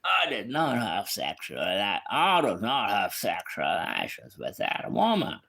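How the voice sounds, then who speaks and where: A man doing a quick impression of a male politician flatly denying an affair. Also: lowish voice, creaky, heavily acted.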